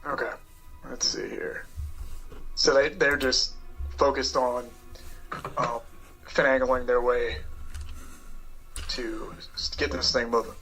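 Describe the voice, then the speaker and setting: A man playing a character in a tabletop role-playing game, thinking aloud in a relaxed way. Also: mid-range voice, slow pace, pauses often, faint music behind, rough recording. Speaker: player.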